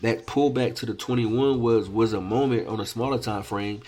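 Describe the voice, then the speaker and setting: A man's voice: on the low side, normal speed, warm tone. A man teaching day trading over chart examples, emphatic and repetitive, often checking in with "all right?". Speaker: trading coach. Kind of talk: screen-share trading lesson.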